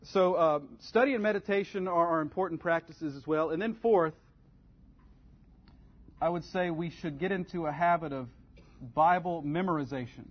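A man's voice: fairly high pitch, moderate pace. A man teaching a Bible study class in an earnest, conversational way, giving step-by-step advice. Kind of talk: practical church class teaching. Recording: dull lo-fi recording.

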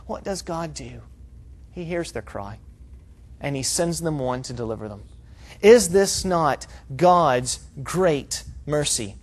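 A man preaching a sermon, explaining a passage in an earnest, emphatic teaching tone and asking rhetorical questions. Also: a little high.

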